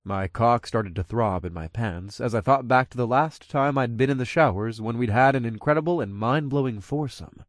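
A man's voice: medium pitch, moderate pace, hardly any pauses, no room sound, clean studio sound. A man narrating an audiobook in the first person, telling the story expressively.

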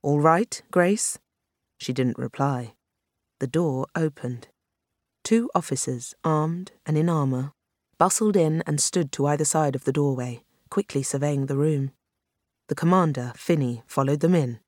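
An audiobook narrator reading a thriller in a measured, even way. The voice sits at a middle pitch. The recording is dry and close, with no room sound. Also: dry recording. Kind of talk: scripted narration.

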